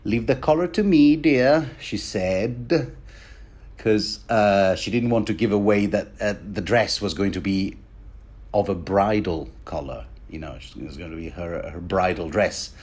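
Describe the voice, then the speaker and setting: A man's voice: low-pitched, steady tone, a little slow, darkish tone. A man giving a rambling, wry commentary on a book chapter, often stammering and restarting his sentences. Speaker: podcast host.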